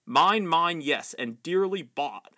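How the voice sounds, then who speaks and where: A man's voice: medium pitch, lively intonation, normal speed, pushed and bright. A man reading aloud, voicing a bitter, ruined old male wizard who sneers, whines and spits scorn at everyone. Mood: greedy. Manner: sneering, whining and spiteful.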